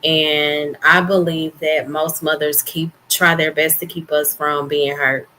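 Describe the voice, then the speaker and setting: Earnest, expressive woman with a lowish voice. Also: unhurried, slight background noise, poor audio. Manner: warm, expressive and earnest, with frequent "like" and "you know". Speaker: podcast co-host. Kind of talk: casual chat. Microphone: studio microphone, podcast setup.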